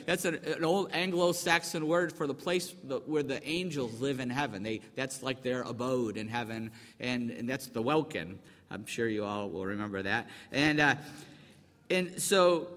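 Male pastor, slightly high voice, chatty and joking, reverberant sanctuary. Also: fairly bright tone. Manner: chatty and joking, asks the congregation questions. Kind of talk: conversational sermon. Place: church sanctuary. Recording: long hall reverb.

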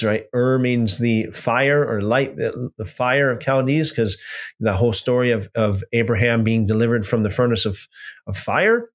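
A man leading a casual Bible study, reading passages aloud and commenting with animated repetition. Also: mid-range voice, moderate pace. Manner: animated, repeats phrases for emphasis.

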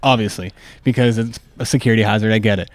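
Fast-talking young man telling stories. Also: fairly low pitch, dry recording. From Canada. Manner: animated storyteller, many "like" fillers, quick laughs. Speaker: podcast guest, fashion designer. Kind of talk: casual podcast chat, storytelling.

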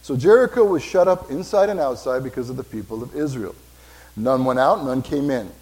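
A pastor preaching a sermon in a church, talking casually with asides and questions for the congregation. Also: male voice, mid-range voice, animated, brisk, darkish tone, poor audio.

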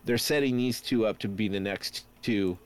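A man's voice: on the low side, moderate pace. A man hosting a casual pop-culture chat, rambling with many fillers and restarts.

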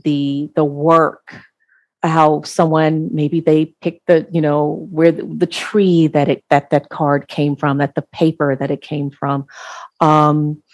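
A woman speaking as an interview guest, slow and earnest, halting and restarting as she reflects. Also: low-pitched, darkish tone, dry recording.

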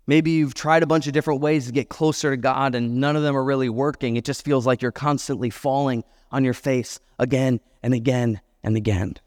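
Preaching a sermon, a thirty-something male pastor slips into a self-deprecating personal anecdote sprinkled with conversational asides. His mid-range voice is a little mellow, and the sound echoes with a long hall reverb.

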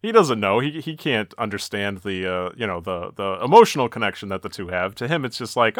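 A man casually chatting about a film, telling a relaxed anecdote and giving short agreeing replies. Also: on the low side, brisk, hardly any pauses, no room sound, clean studio sound.

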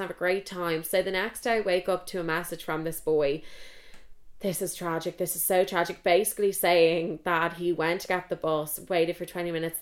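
A young Irish woman in her twenties telling candid, self-mocking dating stories in a chatty podcast style, swearing freely. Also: fairly low pitch. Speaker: podcast host. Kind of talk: casual storytelling.

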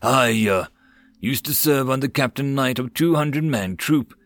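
A man's voice: mid-range voice, animated, measured pace, no echo. A man voicing a proud young male knight with a brassy, blunt way of speaking.

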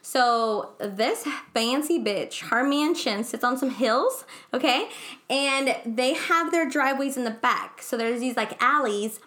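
Bright-voiced giggly young woman. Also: high voice, a little slow. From not from the U.S. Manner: rambling, giggly storytelling with many fillers. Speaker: podcast co-host. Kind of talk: casual chat.

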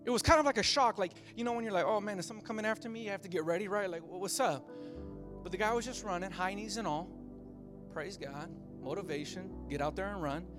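A man's voice: high-pitched, fast, over music. A man, a pastor with a young child, preaching a sermon with a passionate, repetitive cadence that builds phrase by phrase.

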